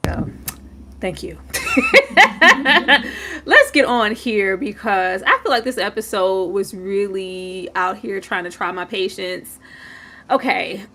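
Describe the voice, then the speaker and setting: A woman hosting a casual TV recap chat, animated and laughing, acting out quoted lines. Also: mid-range voice, takes it slowly, long pauses, a little hiss or hum. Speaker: host of a TV recap show.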